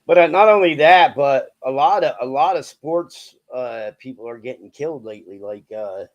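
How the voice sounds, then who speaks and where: A man's voice: medium pitch, animated, moderate pace, dull audio. A young adult man talking casually to viewers, swearing a lot, joking and rambling with many fillers. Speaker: vlogger.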